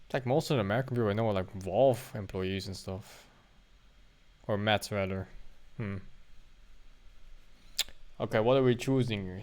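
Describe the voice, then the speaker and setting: A man's voice: lowish voice, normal speed, pauses often, darkish tone. A man streaming a game in a casual, chatty way, reading the choices aloud and musing over them. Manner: chatty, reads options aloud, muses. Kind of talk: casual gameplay commentary.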